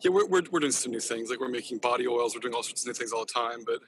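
A man's voice: mid-range voice, expressive, racing, a bit bright. A man talking passionately in a casual podcast interview, rambling and swearing freely. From Northern California. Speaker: podcast guest, company founder.

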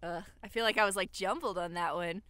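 A woman's voice: on the low side, fairly quick, sharp tone, dry recording. A woman from Alabama co-hosting a podcast, giving earnest, rambling advice with lots of "like" fillers. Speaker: podcast co-host. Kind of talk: casual advice chat.

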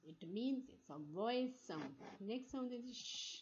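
A woman giving a phonetics lecture, repeating sounds slowly to demonstrate them, with frequent restarts. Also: mid-range voice, expressive. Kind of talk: recorded online lecture. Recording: slightly dull lo-fi recording.

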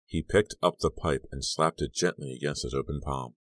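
A man narrating an audiobook in a steady, even reading voice. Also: extremely low pitch, moderate pace, no room sound. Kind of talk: scripted narration.

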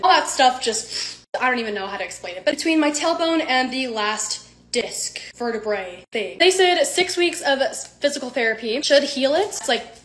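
A young woman narrating her lifestyle vlog in a bubbly, upbeat, casual voice-over. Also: high voice. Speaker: lifestyle content creator.

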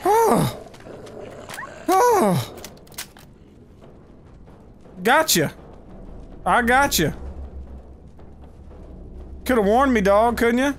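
A man giving profane, excitable let's play commentary, yelling at enemies as he plays. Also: extremely high pitch, takes it slowly, pauses often, soft background music. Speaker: gaming video host.

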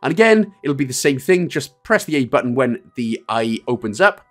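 Lively Welsh man guiding a game walkthrough. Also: mid-range voice, moderate pace, soft background music. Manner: chatty, self-mocking asides between step-by-step instructions. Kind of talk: joking gameplay walkthrough commentary.

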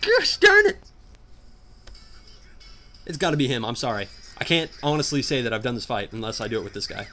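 A young man giving jokey, animated commentary while playing a hard video game, often shouting in frustration. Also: mid-range voice, very fast, hardly any pauses, faint music behind. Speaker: gameplay commentator. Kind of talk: let's play commentary.

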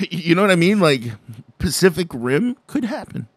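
A man on a podcast, slightly high in pitch, recorded dry and close with little room sound. He tells stories in a lively, animated way, acting out what people said and laughing between lines. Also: moderate pace, dry recording. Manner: animated storyteller, acts out quotes, laughs often. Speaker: podcast co-host. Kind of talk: casual chat.

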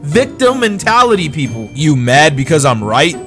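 A man's voice: fairly high pitch, big pitch swings, normal speed, over music. A man hosting his gaming channel, ranting sarcastically and with plenty of swearing as he mocks the opponents in his matches. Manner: heated, sarcastic and profane, mocking opponents. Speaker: gaming streamer and channel host. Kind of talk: ranting gameplay commentary.

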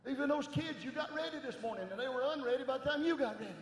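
A middle-aged man preaching a sermon as an evangelist, animated, swinging from soft asides to shouting. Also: extremely high pitch, rapid-fire, slight background noise. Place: large church sanctuary. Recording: echoey church hall with long reverb.

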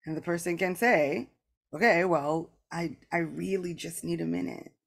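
A woman's voice: fairly low pitch, normal speed, vocal fry. A woman hosting a spiritual podcast, talking in an earnest, reflective way with lots of casual "like" asides, and often acting out both sides of remembered conversations. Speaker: podcast host. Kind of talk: candid spiritual podcast talk.

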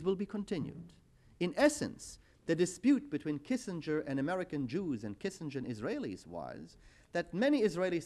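A man's voice: fairly high pitch, a little mellow. Middle-aged guy lecturing at a university, wry, tells stories, voice rises and falls a lot. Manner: anecdotal, wry, storytelling asides.

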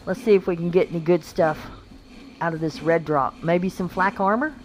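A woman's voice: lowish voice, moderate pace, a little hiss or hum. A woman giving casual, chatty gameplay commentary, talking to the creatures on screen and laughing often. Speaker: gaming channel host.

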